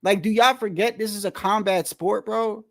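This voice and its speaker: Male boxing commentator, high voice, heated profane rant, full of rhetorical questions. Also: steady tone, moderate pace, fairly bright tone. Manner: profane, slangy. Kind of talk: casual rant to the audience.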